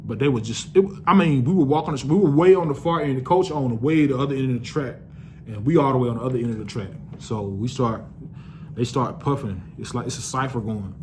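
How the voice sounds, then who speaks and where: A man's voice: mid-range voice, fairly quick, a little mellow, a little hiss or hum. A young man casually telling a personal story to the camera, loose and profane, with lots of restarts.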